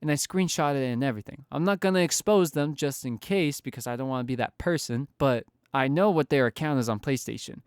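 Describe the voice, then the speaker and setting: A young man telling a storytime vlog in an animated, exasperated ranting way. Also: on the high side, smooth, no room sound, studio quality. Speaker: storytime vlogger. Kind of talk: casual storytime rant.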